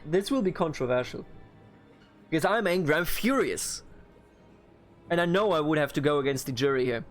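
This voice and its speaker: Emphatic man commentating a game. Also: a little high. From Bavaria, Germany. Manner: emphatic, agitated, thinking aloud. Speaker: gaming channel host. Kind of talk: let's play commentary. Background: game music.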